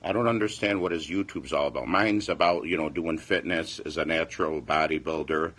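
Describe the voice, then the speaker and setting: Low-voiced rambling fitness vlogger man. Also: brisk, a bit bright. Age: 40s. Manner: rambling, repeats phrases, defensive. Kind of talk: casual livestream chat.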